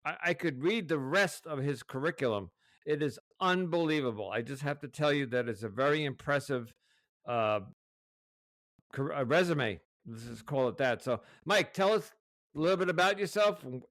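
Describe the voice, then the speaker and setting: Shaken man reflecting, halting speech. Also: a little high, fairly bright tone, no room sound, clean studio sound. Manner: halting, emotional, many restarts. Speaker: podcast host. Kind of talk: reflective solo intro, then interview.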